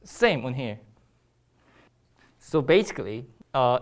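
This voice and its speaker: A woman's voice: very deep voice, expressive, slow pace, pauses often. A woman with a Korean accent teaching a Korean grammar lesson in English, explaining step by step with frequent ums and restarts.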